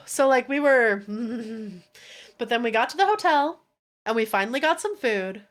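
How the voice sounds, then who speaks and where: A woman with a high voice tells a story on her stream, swearing freely and sounding fed up. She talks casually and with animation. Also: measured pace. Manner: profane, exasperated, animated storytelling.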